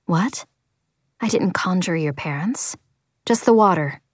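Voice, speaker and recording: A woman voicing a calm, gentle female music teacher who speaks softly and sometimes in a hushed whisper. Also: on the low side, unhurried, no echo, studio quality. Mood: soothing. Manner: soft, hushed, partly whispered.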